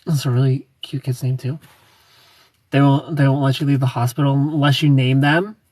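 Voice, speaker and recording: A man's voice: medium pitch, flat delivery, normal speed, a little mellow, no echo, recorded from a distance. A young man hosting a casual livestream, chatting and giggling as he greets viewers by name. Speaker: livestream host. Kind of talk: casual livestream chat reading comments.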